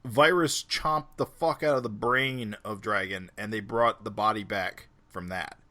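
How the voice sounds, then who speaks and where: A man's voice: fairly low pitch, unhurried, bright, forceful tone. A man co-hosting a comic book podcast, steadily arguing and explaining his point. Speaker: podcast co-host. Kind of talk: casual chat.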